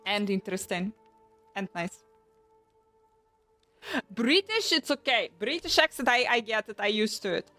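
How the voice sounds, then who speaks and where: A young woman chatting casually on a live stream, animated and swearing often as she restarts her sentences. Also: medium pitch, measured pace, long pauses. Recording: faint background music.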